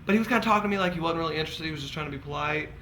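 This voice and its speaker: A vlogger with a highish, sharp voice races through candid, campy stories for friends, laughing often as he gossips casually. The recording is rough with slight background noise.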